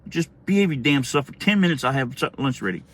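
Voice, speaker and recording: A man voicing a short-tempered middle-aged mother who yells cursing threats at her son. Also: extremely low pitch, lively intonation, quick pace. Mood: yelling.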